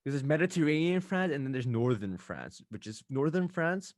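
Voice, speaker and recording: A man's voice: a little high, no echo. Young guy hosting a podcast, rants a lot, dry close mic. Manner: animated ranting, quick asides. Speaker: podcast host. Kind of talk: casual chat.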